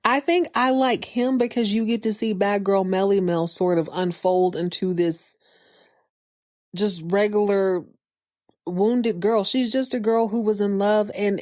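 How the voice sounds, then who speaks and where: A woman's voice: medium pitch, a little mellow, no room sound, studio quality. A woman hosting a podcast, recapping a TV episode in a casual, playful way with slangy jokes and asides. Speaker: podcast host.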